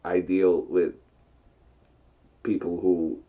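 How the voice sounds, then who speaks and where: Casual podcast co-host, a man, lowish voice, rambling and easygoing, muffled mic. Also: little pitch movement, drawn-out words. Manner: laid-back, rambling, swears casually. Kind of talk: casual chat.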